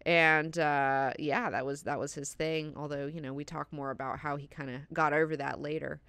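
A woman's voice: low-pitched, fairly even intonation, normal speed, fairly bright tone, clean tone, dry recording. A woman hosting a book class, talking casually with heavy swearing and lots of "like" and "you know".

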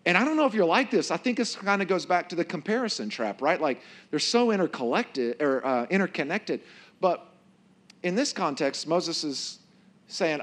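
A male pastor giving a sermon in a conversational, animated storytelling way. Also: fairly high pitch, normal speed.

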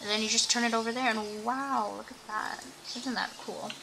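A woman's voice: fairly high pitch, steady tone, moderate pace, vocal fry. A young woman streaming a video game, chatting to her viewers and thinking aloud as she plays. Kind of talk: casual gameplay commentary. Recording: audible background noise.

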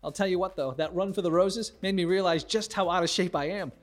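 A middle-aged man from the United States delivers an observational stand-up monologue. He jumps into higher voices to play the people in his stories. Faint music sits under him. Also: brisk. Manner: animated, acts out characters with big pitch jumps. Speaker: stand-up comedian.

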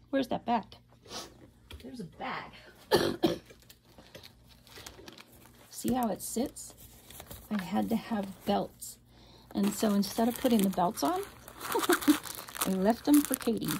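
In casual show-and-tell, a middle-aged woman rambles chattily about her handmade album, often laughing and dropping whispered asides. Her voice is mid-range and creaky, and there is background noise.

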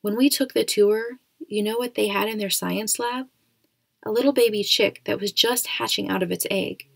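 Casting: female narrator as a patient mom gently persuading her son. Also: medium pitch, steady tone, normal speed, vocal fry, dry recording. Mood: coaxing.

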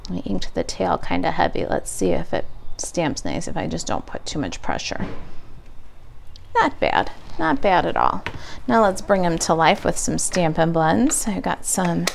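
A woman's voice: on the low side, lively intonation, normal speed, creaky, slight background noise. A woman demonstrating a craft project step by step, chatting and thinking aloud as she works at a home craft table.

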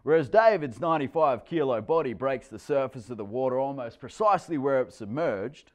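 A man reads a story aloud in a wry, expressive way. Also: medium pitch. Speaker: narrator. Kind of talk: storytelling reading.

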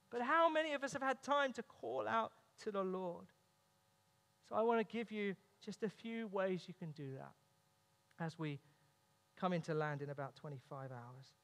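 A man with a high voice delivers an earnest sermon and mixes in humorous stories from home. His words ring out under the long reverb of a church hall. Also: moderate pace, fairly bright tone. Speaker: pastor. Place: church sanctuary.

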